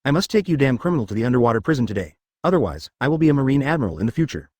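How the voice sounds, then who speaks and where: A man's voice: medium pitch, big pitch swings, rapid-fire, darkish tone, dry recording. A hot-headed navy admiral, furious and roaring, as a man reading the story voices him. The sound is dry and close. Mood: angry. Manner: angry, roaring.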